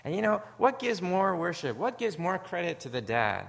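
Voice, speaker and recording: A man from Canada preaching a sermon, earnest and story-driven, swinging from hushed, low moments to loud, emphatic ones. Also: very animated, moderate pace, creaky. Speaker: pastor.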